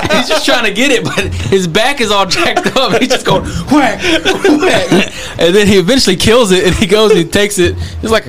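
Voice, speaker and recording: A man's voice: a little high, fairly bright tone. Rambling man telling a story. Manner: rambling storyteller, lots of fillers and repeats. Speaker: podcast co-host. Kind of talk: casual chat.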